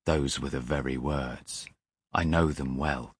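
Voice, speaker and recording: A man voicing a troubled railway signalman who speaks low and grave, close to a whisper. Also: fairly even intonation, a little slow, breathy edge, no room sound, heavily acted. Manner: low, hushed, grave delivery. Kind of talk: audiobook character reading.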